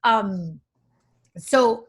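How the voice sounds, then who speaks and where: A woman hosting an interview over a video call, chatty and easygoing in a voice pitched a little high. She laughs readily and starts her sentences over as she talks. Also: very slow, husky. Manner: chatty, laughing, scattered restarts. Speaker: interview host. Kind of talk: casual interview chat.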